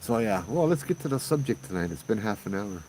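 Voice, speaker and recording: A man's voice: on the low side, brisk, a little hiss or hum. A middle-aged man from Hawaii with a Hawaiian Pidgin accent, hosting a casual chat and telling stories with lots of laughs. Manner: laid-back storytelling, animated quoted voices, laughs often. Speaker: podcast host.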